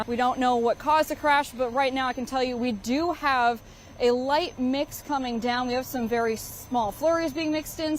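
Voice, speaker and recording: A woman's voice: sits high, a little hiss or hum. A young woman, a TV weather anchor and field reporter, explaining forecasts in an upbeat broadcast manner.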